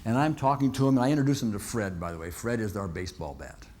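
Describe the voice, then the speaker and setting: A man's voice: fairly low pitch, lively intonation, quick pace, darkish tone. A man telling a long personal story to an audience in a folksy way, often chuckling and checking in with "okay?". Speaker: motivational speaker.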